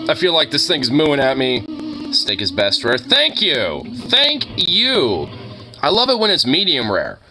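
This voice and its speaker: A man's voice: a little high, huge pitch swings, unhurried. A man chatting casually among friends, joking and laughing, with plenty of fillers. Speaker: podcast host. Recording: music playing behind.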